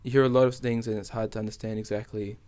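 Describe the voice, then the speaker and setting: A man with a New Zealand accent, a guest in a casual interview, talking in a relaxed way and reading phrases slowly and carefully. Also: fairly low pitch.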